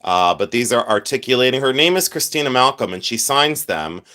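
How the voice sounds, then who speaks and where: A middle-aged man hosts a casual livestream as a jewelry collector, his mid-pitched voice expressive, fairly quick, bright and forceful. He's congested from his sinuses, chatting and rambling along while thanking viewers often.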